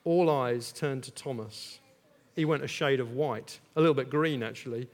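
A man's voice: mid-range voice, normal speed, a little mellow. A man, telling a Bible story in first person as a disciple, chatty and jokey with lots of asides. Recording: long echo of a large hall.

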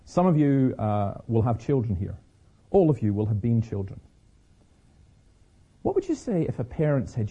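Scottish male stage speaker, husky with a sore throat, animated preaching, slightly dull lo-fi recording. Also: medium pitch, moderate pace, long pauses. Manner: lively storyteller, repeats words as he restarts. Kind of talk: preaching talk to an audience. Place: stage before an audience.

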